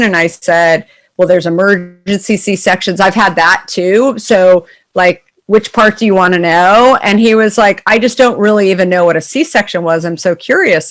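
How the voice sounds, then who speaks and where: A middle-aged woman, a company founder, telling a story casually in an interview and acting out the people she quotes. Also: medium pitch. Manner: animated, acts out quoted voices in stories. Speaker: founder and CEO guest.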